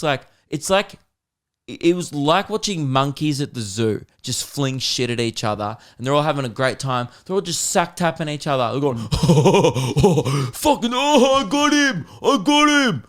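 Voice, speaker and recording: An Australian man hosts a comedy podcast and tells rambling stories. He talks in a casual, animated way at an ordinary male pitch. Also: fairly quick, clean tone. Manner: rambling, animated, slips into voices.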